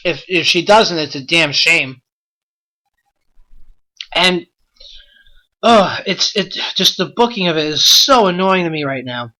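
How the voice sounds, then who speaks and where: A man's voice: a little high, lively intonation, slow, pauses often, pushed and bright. A man hosting a wrestling podcast, ranting in an exasperated, blunt way with lots of rhetorical questions. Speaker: podcast host.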